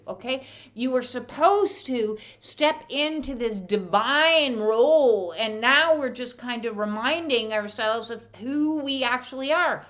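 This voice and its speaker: A woman with a fairly high voice reads oracle cards for her viewers. She talks casually, filling gaps with "uh". She slips into dramatic voices to act out what people say. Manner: animated, acts out quotes with dramatic voices; conversational with frequent filler uh. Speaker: oracle card reader. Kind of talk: spiritual card reading to camera.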